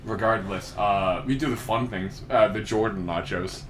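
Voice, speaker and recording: A young male podcast co-host with a lowish, fairly bright voice rambles through stories at a moderate pace, swearing and often laughing as he goes. Slight background noise can be heard.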